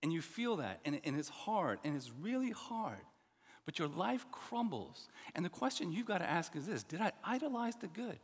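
Animated man preaching in a reverberant hall. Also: sits high, normal speed, slightly rough. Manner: animated, earnest, with frequent restarts and "you know". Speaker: pastor. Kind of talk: sermon. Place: church sanctuary.

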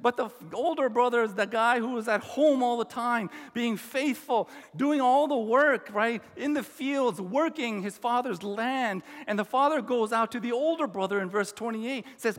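A man's voice: extremely high pitch, moderate pace, hardly any pauses, a bit bright, long reverb tail. A man preaching a sermon, emphatic, acting out the quoted lines. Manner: emphatic, acts out the quoted brother. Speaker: pastor.

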